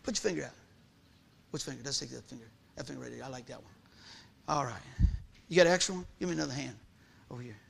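A man preaching a lively sermon, calling out questions to the congregation and repeating his key phrases. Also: medium pitch, quick pace, creaky, pauses often, slight background noise.

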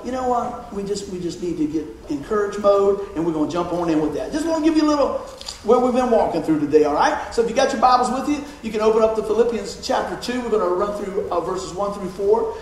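A man's voice: high-pitched, lively intonation, fast talker, few pauses, slight background noise. A man giving a casual sermon, chatty, laughing often and repeating his words. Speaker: pastor. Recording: echoey room, mic far off.

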